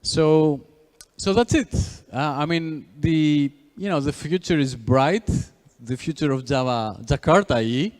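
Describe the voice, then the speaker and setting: A man's voice: a little high, measured pace, few pauses, a little mellow. Greek-accented man giving a conference talk. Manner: frequent "you know" fillers, restarts. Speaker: conference speaker. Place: conference hall. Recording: long hall reverb.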